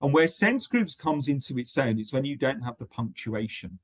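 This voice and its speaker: A man's voice: mid-range voice, big pitch swings, normal speed, dry recording. Man explaining in a dry, close sound. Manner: explanatory, with frequent ums and restarts. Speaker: teacher trainer. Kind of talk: webinar teaching on pronunciation.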